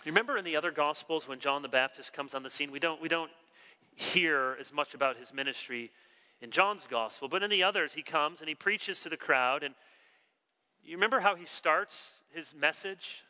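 Bright-voiced preacher in a reverberant hall. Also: male voice, on the high side, normal speed. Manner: animated, acts out quoted dialogue. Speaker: pastor. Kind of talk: sermon. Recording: long reverb of a large hall.

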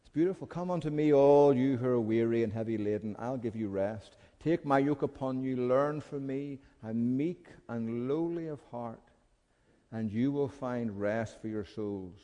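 A man's voice: mid-range voice, moderate pace, dull audio. Impassioned preacher man in a reverberant hall. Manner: impassioned, swings from hushed pleading to loud urgent calls. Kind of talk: sermon.

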